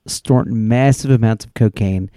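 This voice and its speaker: A man's voice: on the low side, normal speed, warm tone, clear, resonant tone, no echo, studio quality. A man co-hosting a casual movie review podcast, cutting in with wry asides and corrections.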